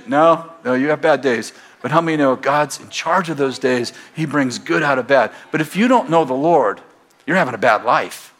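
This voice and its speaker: A middle-aged American man preaching a sermon in a church, telling stories and building to loud exhortation. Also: mid-range voice, fairly quick. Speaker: pastor. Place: church sanctuary. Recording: faint crowd in a church. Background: congregation.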